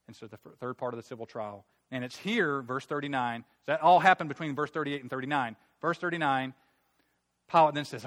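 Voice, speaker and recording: A man preaching a sermon, retelling a Bible story in a conversational, animated way. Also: medium pitch, brisk.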